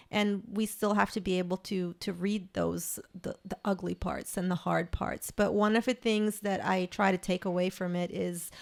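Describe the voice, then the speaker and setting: A woman's voice: medium pitch, gravelly, clear, resonant tone. A woman from Belize, a guest author, telling a personal story in earnest with many restarts. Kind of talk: conversational interview.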